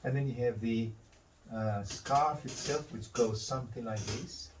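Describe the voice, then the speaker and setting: A man's voice: medium pitch, a little slow, distant mic, background noise. A man teaching a drawing demonstration, talking through each step and correcting himself as he goes. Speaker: art instructor.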